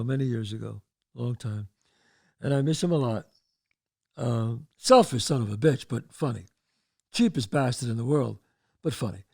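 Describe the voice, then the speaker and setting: This show host is a Bronx man in his sixties with a New York accent and a gravelly, mid-range voice. He spins an animated monologue about his own past, shouting out the quoted voices of the characters he acts out.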